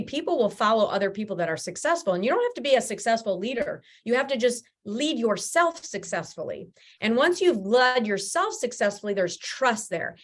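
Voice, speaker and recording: A woman guest in a conversational interview, telling lively stories and acting out what people said to her. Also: mid-range voice, fairly quick, few pauses. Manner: animated storyteller, acts out quoted dialogue. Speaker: guest, realtor and team leader.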